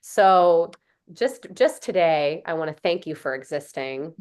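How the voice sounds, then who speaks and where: A woman's voice: sits low, lively intonation, unhurried, darkish tone, smooth. A woman hosting a podcast interview, talking in an earnest, gushing way with lots of "like" and "um". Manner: earnest, gushing, many fillers like "like" and "um". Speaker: podcast host. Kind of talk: casual conversational interview.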